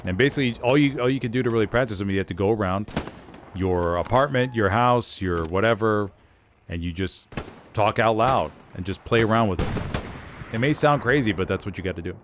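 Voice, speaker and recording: A man with a fairly low voice talks casually into his streaming mic, rambling and chuckling at himself. Loud game gunfire and artillery rumble behind him. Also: a little fast. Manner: rambling, chatty, laughs at himself. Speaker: streamer and voice actor. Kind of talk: casual chat while streaming a shooter game.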